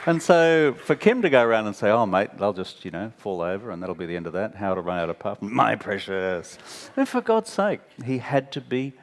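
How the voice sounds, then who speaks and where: Some chatter drifts behind this deep-voiced Australian man in his fifties, a former prime minister interviewed candidly on stage at a talk venue. He talks briskly with hardly any pauses, telling animated, blunt, wry stories and imitating the people he quotes.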